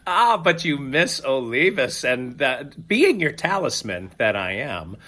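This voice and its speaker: A man in his fifties with a bright, somewhat tense voice and an animated, up-and-down delivery. He co-hosts a casual podcast, playing up mock grandeur for laughs. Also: mid-range voice, measured pace. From Midwestern US. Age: 50s. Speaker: podcast co-host.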